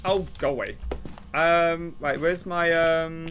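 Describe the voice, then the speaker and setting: A young man streaming a game, rambling and laughing as he plays, now and then shouting. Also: fairly high pitch, steady tone, takes it slowly. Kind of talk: casual gameplay commentary.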